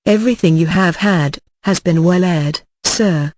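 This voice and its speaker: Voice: medium pitch, measured pace, darkish tone, no echo, highs cut off, close to an everyday voice. An audiobook narrator voicing a kind, proud elderly housekeeper who speaks primly and with emphasis. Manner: prim, emphatic. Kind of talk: audiobook character reading.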